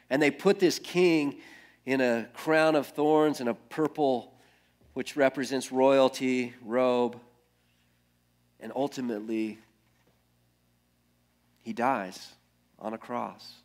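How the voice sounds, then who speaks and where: A male pastor preaching an earnest sermon that builds through repeated phrases and often drops to a hush. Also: medium pitch, fairly even intonation, slow, pauses often.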